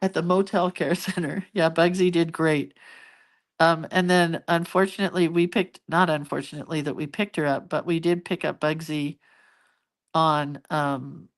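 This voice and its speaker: Chatty middle-aged woman, lowish voice. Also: steady tone, moderate pace. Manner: rambling, chatty, with many fillers and restarts. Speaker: host. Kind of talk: casual chat to live viewers.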